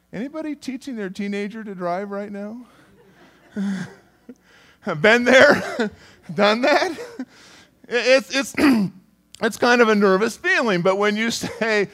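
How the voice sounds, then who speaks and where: A man's voice: high voice, animated, slow, pauses often, a bit bright. A middle-aged man preaching a sermon in a conversational way, calling on listeners by name and often repeating words. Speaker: pastor.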